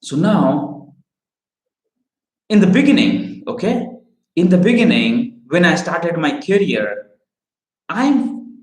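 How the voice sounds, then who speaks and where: A man's voice: a little high, sing-song, slow pace, long pauses, roomy sound, poor audio. A middle-aged man from Odisha, India, with an Indian English accent shaped by American speech, whose first language is Odia. He runs a live recruiting training stream, talking energetically and asking the viewers rhetorical questions. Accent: Indian English with American influence.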